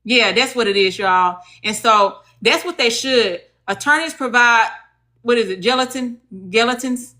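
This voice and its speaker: A woman's voice: fairly high pitch, unhurried, bright, forceful tone. A woman with a Southern US accent hosting a casual livestream about legal advocacy, chatty and folksy, talking straight to her viewers.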